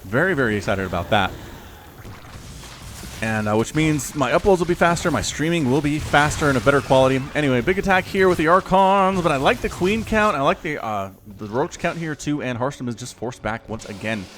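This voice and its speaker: A man casting a strategy game solo, chatty and excitable, with sudden high-pitched exclamations. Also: a little fast, slight background noise. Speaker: esports caster. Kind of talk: solo play-by-play game commentary. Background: faint background music.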